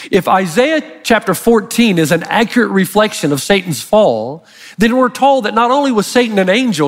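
Pastor guy preaching, high voice, lively and emphatic, lots of hall echo. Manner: animated, emphatic storytelling. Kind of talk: sermon. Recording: long hall reverb.

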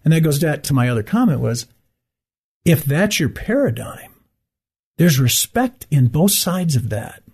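A man's voice: on the high side, a little slow, slightly rough. A middle-aged man from Michigan, a guest in a casual interview, telling stories and acting out the people he quotes. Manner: storytelling, animated when quoting others.

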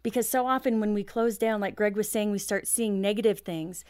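A woman's voice: mid-range voice, steady tone, a little fast, a little mellow, dry recording, clean studio sound. A middle-aged woman, a guest author, talking earnestly about faith and marriage, with frequent "you know" fillers. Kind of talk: earnest faith-based interview talk.

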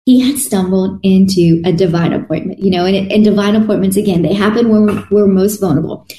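Lady preaching, earnest and chatty, mellow voice, roomy echo. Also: medium pitch, fairly quick, slight background noise. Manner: earnest, conversational preaching with restarts. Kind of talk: sermon. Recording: echoey room.

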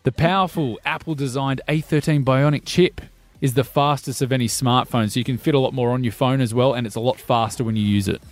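A man's voice: mid-range voice, steady tone, brisk, no echo. A young adult man co-hosting a radio show, explaining tech news in a joking, upbeat way. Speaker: radio co-host, tech segment. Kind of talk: casual radio banter.

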